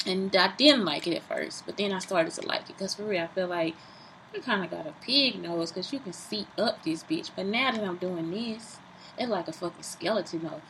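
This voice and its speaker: A woman talking casually and profanely into her phone camera, lively, self-mocking and rambling. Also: fairly low pitch, moderate pace, creaky, slight background noise, rough recording. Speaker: vlogger. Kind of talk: casual vlog monologue.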